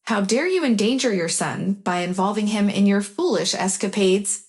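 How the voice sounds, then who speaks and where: A fierce, protective mother refuses to back down and fires accusation after accusation, as a woman reads her lines. Her voice sits at a medium pitch and stays cutting and unforgiving. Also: moderate pace, darkish tone, natural voice. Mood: accusing.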